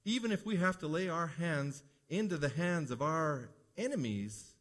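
A man's voice: a little high, lively intonation, normal speed, a bit bright. Earnest man preaching a sermon. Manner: earnest, builds to emphatic peaks. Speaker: pastor.

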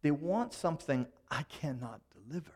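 A man preaching a sermon, animated, often dropping suddenly to a quiet voice for emphasis. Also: fairly high pitch, moderate pace, breathy edge. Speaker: pastor.

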